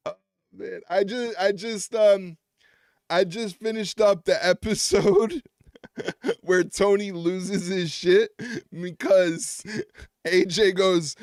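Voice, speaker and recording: A man's voice: sits high, no room sound, studio quality. A man streaming, talking in a loose, profane, casual chat and laughing a lot.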